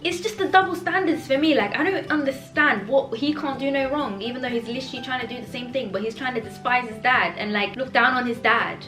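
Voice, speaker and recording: Bright-voiced, animated young woman. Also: sits high, fairly quick, hardly any pauses. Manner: animated, outspoken, reacting with exasperation. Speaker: book vlogger. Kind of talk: casual reading vlog chat. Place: home room. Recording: roomy echo, faint background music.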